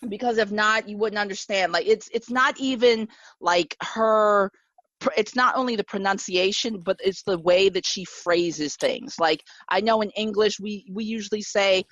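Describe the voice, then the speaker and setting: A woman with a Midwestern American accent hosting a casual chat, telling stories in an animated way with many fillers. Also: medium pitch, moderate pace, no room sound, lo-fi sound. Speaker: podcast host.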